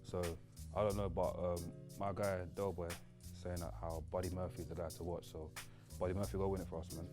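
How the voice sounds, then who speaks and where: A man's voice: low voice, little pitch movement, a little fast, over music. A young man, rambling playfully in a casual wrestling chat.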